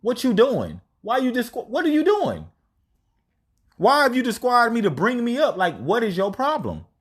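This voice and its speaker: A man's voice: extremely high pitch, huge pitch swings, normal speed, pitched above the performer's own voice, full character voice. A man doing an irritated old prophet. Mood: annoyed. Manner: blunt, slangy, exasperated questioning. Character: irritated old male prophet woken from the dead.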